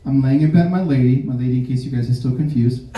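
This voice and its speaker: A man's voice: medium pitch, fast talker, background noise. A man from Miami performing a stand-up comedy set in a club, talking animatedly and slipping into mocking voices. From Miami, United States. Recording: roomy club sound from a distance.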